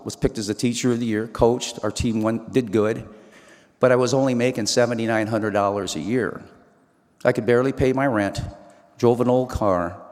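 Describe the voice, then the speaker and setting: A man's voice: lowish voice, a little mellow. A man telling his life story in a hall. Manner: earnest storyteller with quoted dialogue. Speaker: speaker. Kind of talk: personal life story talk. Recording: hall reverb.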